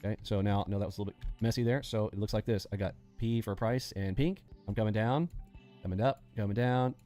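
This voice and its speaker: A fast-talking man leads a live trading lesson in a low, dark-toned voice. He gets animated and throws in sound effects as he explains. Faint music plays underneath. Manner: animated, acts out panicking traders with sound effects. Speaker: day trading instructor and host.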